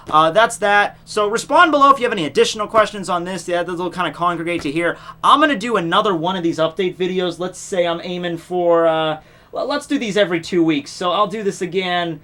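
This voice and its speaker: A man's voice: high voice, sharp tone. A young man hosting a fan contest on his channel, talking to viewers in a rambling, casual way with lots of fillers, restarts and offhand swearing. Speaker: YouTube channel host running a fan contest. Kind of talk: casual unscripted talk to viewers.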